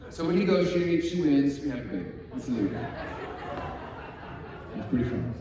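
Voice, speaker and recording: A man in his forties preaching a sermon, telling family stories in a conversational way, dropping to soft, emotional tones. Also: on the high side, animated, fairly quick, background noise. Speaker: pastor. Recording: echoey hall from far off.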